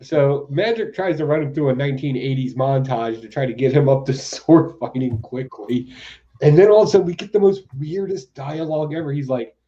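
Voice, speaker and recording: A man's voice: mid-range voice, a little fast, warm tone, muffled recording. A man hosting a comic book podcast, chatting casually with sarcastic asides and frequent laughter. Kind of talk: casual comic review chat.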